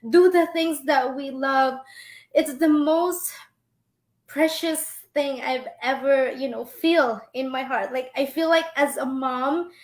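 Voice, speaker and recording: Young woman, emotional interview guest, halting tearful talk, high voice, echoey room. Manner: tearful, halting, many fillers.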